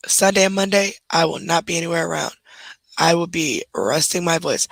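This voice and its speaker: A woman hosting a livestream in casual chat, hoarse with her voice nearly gone, talking straight to her viewers and moderators. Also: on the low side, fairly bright tone, dry recording, poor audio. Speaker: livestream host.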